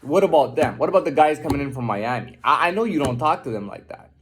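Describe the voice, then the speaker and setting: A man's voice: fairly high pitch, animated, quick pace, husky. A man delivering an unscripted, profane, defiant monologue rant, often repeating and restarting his words.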